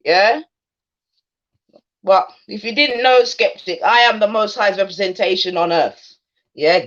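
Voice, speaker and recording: A woman running a livestream taunts and confronts a skeptic using casual slang. Her voice is on the low side and unhurried, and the stream audio sounds dull and lo-fi.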